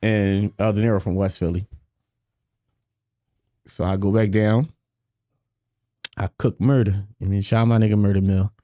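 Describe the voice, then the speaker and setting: A man's voice: on the low side, fairly even intonation, moderate pace, long pauses, warm tone, no echo. A man, a rapper telling a story on a podcast, swearing freely and often repeating "you know what I mean". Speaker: guest rapper. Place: podcast studio.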